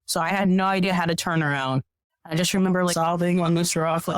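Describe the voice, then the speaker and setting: A woman guest on a podcast telling stories in a casual, animated way, acting out what people said. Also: fairly low pitch, fast, clean tone, dry recording. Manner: animated, acts out quoted voices. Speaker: podcast guest, professional hiker. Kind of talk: casual storytelling.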